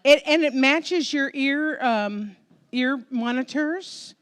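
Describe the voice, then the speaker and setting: An American woman minister giving a Sunday sermon, telling a personal story in a conversational, emotional, expressive way before a congregation. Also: high-pitched, slow pace. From United States. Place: church sanctuary before a congregation.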